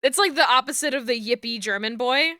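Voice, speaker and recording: A woman's voice: high voice, a little fast, pushed and bright, no room sound, studio quality. A woman streamer chatting casually while she works, laughing often and swearing lightly. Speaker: streamer and 3D rigger. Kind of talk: casual live-stream chat while working.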